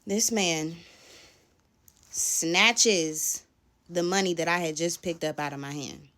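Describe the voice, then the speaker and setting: A woman narrates her own story to the camera in a relaxed storytime style. Her delivery is animated and dramatic, with a casual, slangy way of talking. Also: fairly low pitch, slow. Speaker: storytime vlogger.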